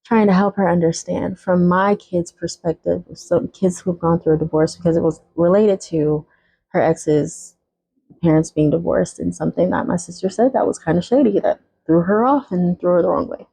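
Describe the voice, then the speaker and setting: A woman's voice: lowish voice, fairly even intonation, moderate pace, gravelly, warm tone, husky, poor audio. A woman in her thirties telling viewers a personal story time in a blunt, casual way, swearing freely as she talks to them directly.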